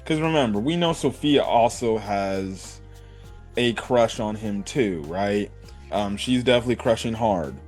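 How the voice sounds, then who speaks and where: A man's voice: fairly low pitch, unhurried, a little mellow, faint music behind. A man giving a casual, rambling anime episode review, full of fillers and slang.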